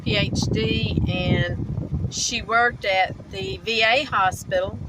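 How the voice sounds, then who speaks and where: A woman's voice: medium pitch, fairly even intonation, slow pace. A woman interviewing her mother, prompting her with leading questions. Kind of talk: casual family interview. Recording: very loud background noise.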